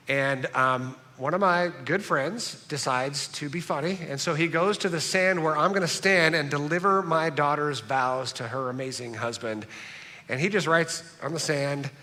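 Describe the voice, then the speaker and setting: A man's voice: mid-range voice, sharp tone. A middle-aged man preaching a sermon as pastor, in a conversational, joking and self-deprecating way, in a church sanctuary. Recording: reverberant church hall.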